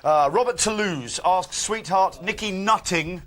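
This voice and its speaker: Joking TV host with high voice. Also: male voice, fairly bright tone. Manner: quick, joking, laughing asides. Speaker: breakfast TV presenter. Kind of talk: jokey live studio banter. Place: live TV studio with audience. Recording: studio with music and crowd noise.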